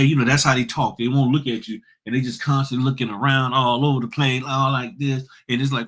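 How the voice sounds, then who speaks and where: A man's voice: medium pitch, fairly even intonation, fast talker, hardly any pauses, a bit bright. A middle-aged man hosting a casual livestream, talking bluntly and preachily to his viewers in slangy speech. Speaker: notary business host.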